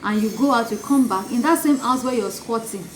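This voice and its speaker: A woman's voice: fairly high pitch, fairly quick. A woman giving a motivational talk, acting out little scenes of gossip as she teaches. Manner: animated, acts out gossip in asides. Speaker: life coach. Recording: echoey room, faint noise.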